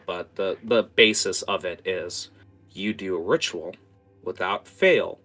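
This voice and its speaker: A man's voice: sits low, fairly bright tone. A man narrating a tabletop game as game master, in a casual, rambling way. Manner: casual, many fillers and restarts.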